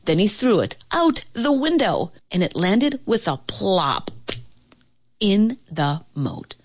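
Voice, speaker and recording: Animated woman reading a storybook aloud. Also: medium pitch. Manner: expressive, animated reading with playful slowing for effect.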